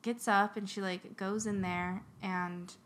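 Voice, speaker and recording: Giggly woman telling a hushed story. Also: medium pitch, steady tone, slow pace, a little hiss or hum. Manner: giggly, rambling, drops to a hushed near-whisper when telling the story. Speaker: podcast co-host. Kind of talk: casual chat, telling scary stories.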